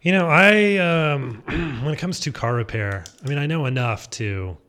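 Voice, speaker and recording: A man's voice: fairly high pitch, animated, unhurried, sharp tone. A man hosting a radio show from a studio, telling funny stories and acting out the other people in them. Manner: joking storyteller, acts out dialogue. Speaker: radio host. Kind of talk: casual radio banter. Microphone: studio headphones and mic.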